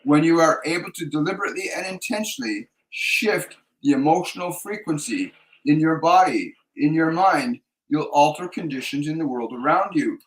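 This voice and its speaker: Guy doing a live spiritual talk, calm measured delivery, repeats stuff for emphasis, kinda echoey room. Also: fairly high pitch. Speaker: psychic medium host. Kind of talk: live-streamed spiritual talk answering viewer questions.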